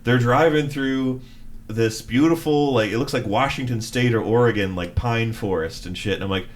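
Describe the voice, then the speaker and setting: Man from Maryland, podcast co-host, casual chat, rambling, halting, mid pitch. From Maryland, USA. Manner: rambling, halting, with many restarts.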